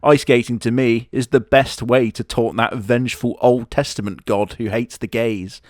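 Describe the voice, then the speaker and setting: A man's voice: mid-range voice, level tone, normal speed, no echo, studio quality. A man giving crude, sarcastic comedic commentary on an anime, full of mocking asides. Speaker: anime reviewer.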